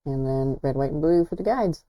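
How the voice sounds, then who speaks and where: A woman hosts a relaxed livestream in a low, mellow voice. She talks in a chatty, admiring way and pokes fun at herself now and then. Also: fairly quick, low-quality recording. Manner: chatty, self-deprecating, admiring. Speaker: host. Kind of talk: casual livestream commentary.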